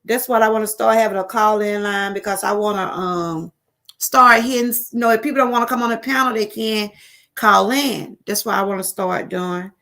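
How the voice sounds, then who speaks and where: A woman's voice: medium pitch, moderate pace, pushed and bright. A middle-aged woman with a Southern US accent, chatting on her live stream in a rambling, repetitive way and calling her viewers y'all. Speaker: livestream host. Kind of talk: casual live-stream chat.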